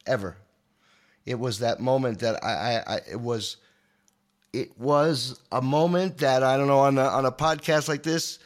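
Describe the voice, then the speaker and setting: A guest guitarist in his sixties tells an emotional story on a podcast, animated and almost manic, frequently repeating his words. His voice is mid-range.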